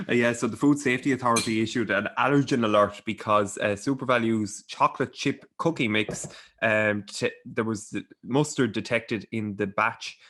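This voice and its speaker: A man's voice: lowish voice, normal speed, a bit bright. An Irish man co-hosting a podcast, reading out quirky news items in easygoing casual chat. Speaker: podcast co-host.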